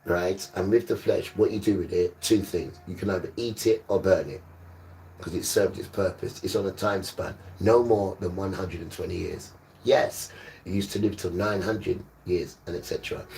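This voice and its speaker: A man's voice: low-pitched, vocal fry, darkish tone, recorded from a distance, a little hiss or hum. A man preaching on a livestream, emphatic and repetitive, sometimes scolding his listeners. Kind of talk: livestreamed sermon.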